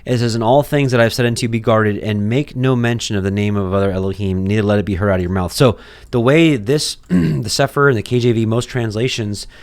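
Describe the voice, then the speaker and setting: A young man teaches the weekly Torah portion in a relaxed, conversational way, full of fillers and restarts, and acts out mock exchanges. His pitch is fairly low and his pace brisk.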